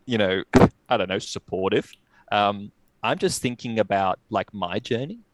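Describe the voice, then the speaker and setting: A young man telling his story as a guest, reflective and halting with many restarts. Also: on the low side, background noise. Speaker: podcast guest. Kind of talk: casual storytelling.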